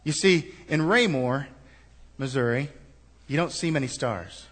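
A man preaching a sermon as pastor, reading scripture aloud and pressing the congregation with rhetorical questions, moving between quiet asides and rising, emphatic lines. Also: mid-range voice, expressive, measured pace, slightly rough.

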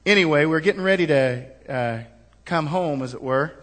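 A man preaching a sermon as pastor, reading scripture aloud and pressing the congregation with rhetorical questions, moving between quiet asides and rising, emphatic lines. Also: a little high, normal speed.

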